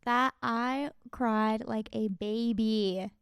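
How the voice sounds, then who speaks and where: A young woman co-hosting a casual book podcast, reacting with lively enthusiasm. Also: on the high side, drawn-out words, clear, resonant tone, no echo, studio quality. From Los Angeles area. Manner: animated, excitable reactions. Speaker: podcast co-host. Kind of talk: casual chat.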